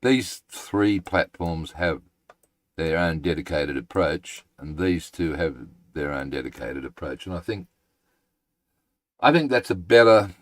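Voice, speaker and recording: A deep-voiced man streams a game live, rambling and half-thinking aloud. He speaks at an unhurried pace, often stalling mid-sentence and then addressing his viewers directly. His voice sits close and dry, with little room sound. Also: expressive, no echo.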